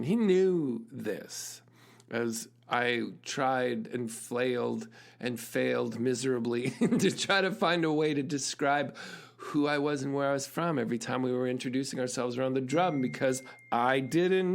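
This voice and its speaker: A man's voice: medium pitch, creaky. A middle-aged man, a musician hosting his own show, telling a story in an earnest, reflective way, often laughing and restarting his sentences. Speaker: musician and podcast host.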